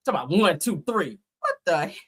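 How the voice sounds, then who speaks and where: Woman host, casual gossip commentary, bright and very lively delivery, profane. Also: fairly low pitch, moderate pace, husky. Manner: animated and profane, laughing often, reads posts aloud.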